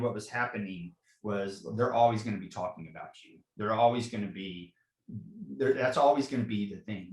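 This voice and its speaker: In a lowish, slightly bright voice, this forties-aged fire captain earnestly shares personal stories on a podcast, with an echoey room and a low-quality recording. "You know" comes up often, and he tends to say things twice.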